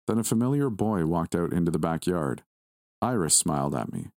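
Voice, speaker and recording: Man narrating creepy story, real low voice, dry close sound, steady pace. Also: vocal fry, dry recording. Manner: measured, steady reading. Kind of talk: scripted first-person horror narration.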